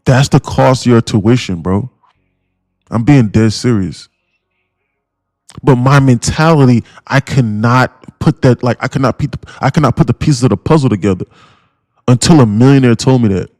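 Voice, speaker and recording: A man hosting a trading live stream, lecturing his viewers in a blunt, pushy rant full of profanity and repeated phrases. His voice sits at an ordinary pitch. The sound is dry and close, with no room echo. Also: moderate pace, a little mellow. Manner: addresses viewers as guys and bro. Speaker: day-trading streamer and mentor.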